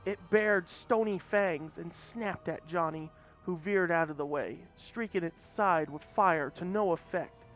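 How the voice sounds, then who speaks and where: A man's voice: fairly high pitch, measured pace, a bit bright. A man reading a story aloud in a casual way, often restarting mid-phrase. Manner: plain reading with frequent restarts. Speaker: story reader. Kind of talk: casual read-aloud narration. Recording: dull lo-fi audio, faint music.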